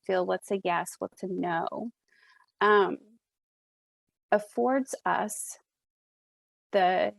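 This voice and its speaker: Woman, podcast host, calm coaching tone, unhurried, dry close sound. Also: mid-range voice, vocal fry, dry recording. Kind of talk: casual chat.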